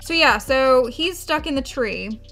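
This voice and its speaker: A woman's voice: high-pitched, lively intonation, a little slow, a bit bright, faint music behind. A woman vlogger casually telling a story while doing her makeup, rambling into tangents, cutting herself off and swearing freely. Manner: rambling, chatty, self-interrupting, swears freely. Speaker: beauty vlogger.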